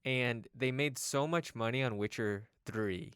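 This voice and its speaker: A man's voice: mid-range voice, a little slow, a bit bright, smooth, dry recording, clean studio sound. A man hosting a comic book podcast, chatting casually and teasing his co-hosts. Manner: joking, teasing. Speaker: podcast host.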